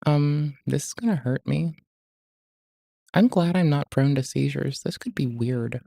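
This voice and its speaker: A rambling, sweary streamer talks loosely over the videos they react to, forever interrupting themselves. The voice is dark and gravelly, and it sits dry and close on a desk mic. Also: mid-range voice, unhurried, dry recording. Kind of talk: casual reaction chat.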